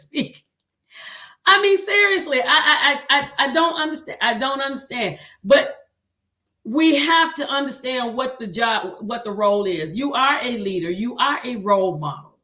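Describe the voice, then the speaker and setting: Southern woman host, high-pitched, exhorting sermon-style talk. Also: bright, forceful tone. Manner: exhorting, repeats "come on", reads viewer comments aloud. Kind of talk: livestream talk to choir directors, preaching tone.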